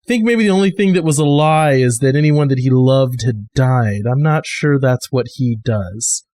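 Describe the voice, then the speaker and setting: A grim, weary woman survivor, as a man puts her on, talking low and measured in a tabletop game. Her voice sits below the speaker's usual pitch. She is blunt and plain, with a dry, close sound. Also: a little mellow, no room sound, lightly acted. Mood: somber.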